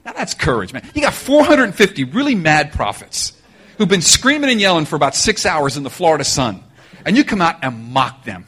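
Husky-voiced pastor preaching. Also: male voice, high voice, moderate pace. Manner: animated storytelling with joking asides; addresses listeners directly. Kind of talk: sermon.

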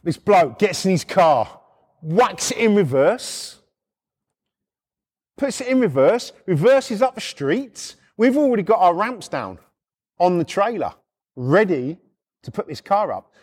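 A middle-aged man with a British accent, telling a rough anecdote in blunt, heavily profane casual speech. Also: sits high, very animated, a little slow, long pauses, a little mellow. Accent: British English. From United Kingdom. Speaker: storyteller.

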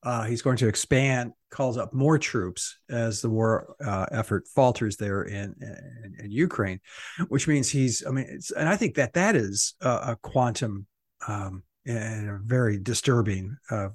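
A man's voice: on the low side, measured pace, no room sound. Wry male podcast co-host, dry sound. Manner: wry, sarcastic interjections. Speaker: podcast co-host, editorial cartoonist. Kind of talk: political discussion podcast.

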